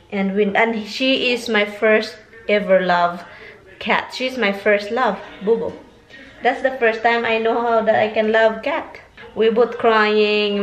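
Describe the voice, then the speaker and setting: A woman's voice: mid-range voice, low-quality recording. A woman from the Philippines, chatting casually at home in a rambling vlog and talking to her pets. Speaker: vlogger.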